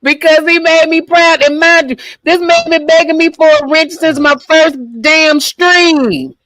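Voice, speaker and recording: A stream host who is exasperated, sighing and slowly steering the panel back on track. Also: extremely high pitch, a bit bright, no echo, poor audio. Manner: exasperated, drawn-out sighs. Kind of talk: live stream hosting.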